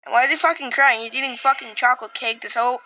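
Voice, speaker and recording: A woman's voice: on the high side, very fast, lo-fi sound, heavy background noise. A young woman giving profane, mocking commentary as she reacts to a video, swearing constantly and laughing often. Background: loud music from the video she reacts to.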